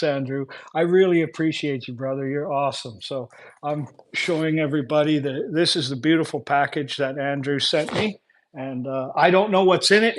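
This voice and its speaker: A man with a slightly high voice chats casually to his livestream viewers while unboxing, effusive and quick to laugh. A faint hiss sits under the recording. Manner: warm, effusive, laughs often. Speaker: livestream host.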